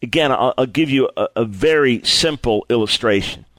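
A man preaching a sermon in an earnest, lively way, often repeating words and stumbling as he builds his point. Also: mid-range voice, normal speed, no room sound.

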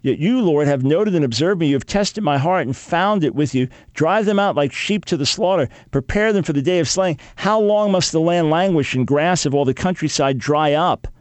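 An older man in his sixties teaching a sermon, reading Bible verses and acting out dialogue with God in an animated way. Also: on the high side, moderate pace, few pauses, dry recording.

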